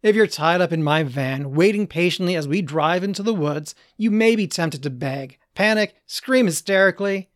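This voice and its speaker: A narrator voicing a calm, chatty male serial killer who talks in a dry, matter-of-fact way. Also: medium pitch, moderate pace, hardly any pauses, no room sound, lightly acted. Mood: calm menace. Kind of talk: dark comic monologue.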